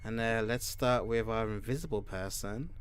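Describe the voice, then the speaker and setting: A young man running a tabletop game as game master, narrating slowly with many ums and pauses. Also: fairly low pitch, slight background noise. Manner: slow, halting narration full of ums and uhs.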